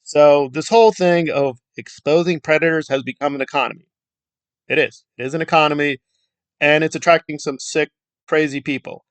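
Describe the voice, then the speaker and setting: A man's voice: fairly high pitch, steady tone, normal speed, dry recording. A man delivering an angry commentary rant, scornful and insulting, and repeating his points for emphasis. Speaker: YouTube commentator.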